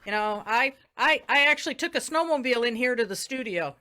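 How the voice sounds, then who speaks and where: A woman's voice: on the high side, animated, fairly quick, pushed and bright, slight background noise. A woman improvising an eager, folksy young news reporter who fills her talk with "you know". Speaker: improv performer. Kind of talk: improvised comedy scene.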